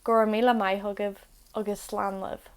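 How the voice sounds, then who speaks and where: A woman's voice: mid-range voice, flat delivery, moderate pace. Young woman, language-video host, casual and self-mocking, mid-range voice. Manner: chatty, self-deprecating asides.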